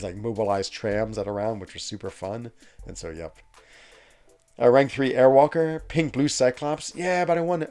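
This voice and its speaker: A man's voice: lowish voice, a little mellow. A man hosting a game livestream, chatting casually with viewers in an upbeat way and laughing often. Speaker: game streamer host.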